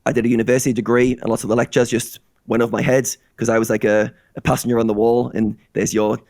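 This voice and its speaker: Fast-talking man, dry close sound. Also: mid-range voice, flat delivery, darkish tone, no room sound. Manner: eager, rapid-fire, acts out dialogues. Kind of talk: casual chat.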